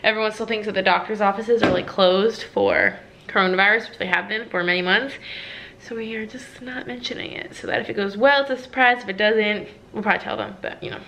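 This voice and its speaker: A woman's voice: medium pitch, fairly even intonation, brisk, creaky, fairly bright tone, a little hiss or hum. A young woman vlogging casually at home, chatty and full of "like" fillers. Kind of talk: casual personal vlog.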